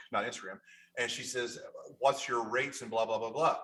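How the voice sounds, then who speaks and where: A man's voice: medium pitch, normal speed, a little hiss or hum. A man from Kentucky with a Kentucky accent, a photographer telling stories as a podcast guest, restarting sentences and acting out what people said. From Kentucky, USA. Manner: animated storyteller, restarts often, acts out quotes. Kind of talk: casual interview chat.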